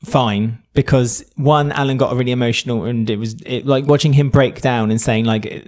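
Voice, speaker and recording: A man's voice: mid-range voice, steady tone, moderate pace, few pauses, a little mellow. A man co-hosting a podcast, chatting casually, laughing often and restarting his sentences. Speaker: podcast co-host. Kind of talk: casual chat.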